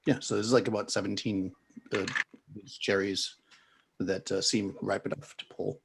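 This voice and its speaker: A man's voice: on the low side, fairly even intonation, normal speed, gravelly, a little hiss or hum. A man narrating a tabletop game as game master, rambling descriptions with many restarts. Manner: rambling, full of fillers and restarts.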